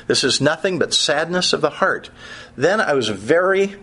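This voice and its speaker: Guy preaching, husky kinda high voice, chatty sermon with jokes thrown in. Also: expressive, moderate pace, bright, forceful tone. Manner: conversational preaching with humorous asides. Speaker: pastor.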